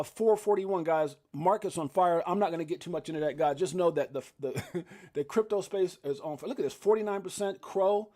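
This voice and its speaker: High-voiced hyped man hosting a stream. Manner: hyped, shout-outs to chat, loose rambling with laughs. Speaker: livestream host. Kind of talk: casual live crypto stream.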